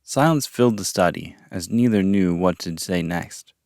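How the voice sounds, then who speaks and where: A man narrating a story podcast in a calm, measured reading voice. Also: deep voice, no echo, studio quality. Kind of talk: audiobook-style story narration.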